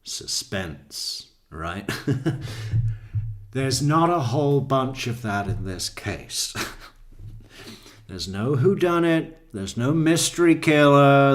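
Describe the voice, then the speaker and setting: Low-voiced guy doing true crime commentary, jokey, laughs a lot, stumbles over his words. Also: expressive, slow pace, fairly bright tone. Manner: joking, laughs often, stammers and repeats words. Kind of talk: casual commentary.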